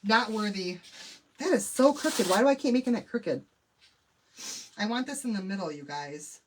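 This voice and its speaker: This is a middle-aged woman's voice, medium in pitch and lively in intonation, moving at a moderate pace. Hosting a crafting livestream, she chats warmly with "y'all" and shares a personal story with plenty of emotion. The recording carries faint background noise.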